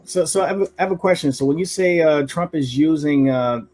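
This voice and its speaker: A man joins a livestream and puts his questions hesitantly. His voice is fairly high for a man, and he stops to restart as he goes. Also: brisk, a little mellow.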